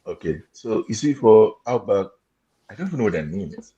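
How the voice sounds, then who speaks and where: A man's voice: on the low side, big pitch swings, brisk, warm tone, slightly rough, lo-fi sound. A man from Nigeria chatting casually on an online call from home at night. He hesitates with lots of fillers and restarts and keeps his voice down. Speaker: panelist. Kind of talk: casual chat.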